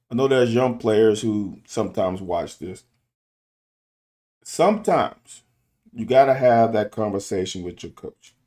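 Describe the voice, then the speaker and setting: Lowish middle-aged guy coaching talk, candid, circles back with "here's the thing" style repeats. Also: very animated, slow pace, long pauses, a little mellow. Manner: candid, repeats himself and restarts to make his point. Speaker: football coach and show host. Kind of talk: casual monologue. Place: car.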